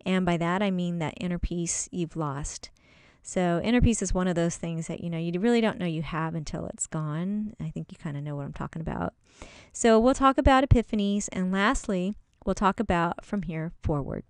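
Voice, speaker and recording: A woman's voice: lowish voice, normal speed, clean tone, no echo. A woman teaching a recorded course module, speaking casually and directly to the listener as a coach. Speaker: online course instructor.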